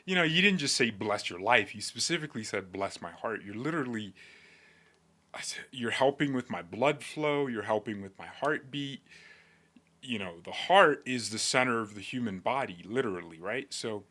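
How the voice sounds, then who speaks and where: A man's voice: lowish voice, expressive, normal speed, bright, forceful tone. A man hosting casual political commentary, talking in a sarcastic, joking way.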